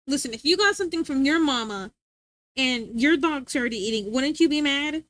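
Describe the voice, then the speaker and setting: Talking a little fast with lively intonation and a somewhat bright tone, she chats with her livestream viewers in a playful, meandering way, often fumbling words and restarting. The sound has no room reverb. She uses a high, sing-song voice to scold her dog.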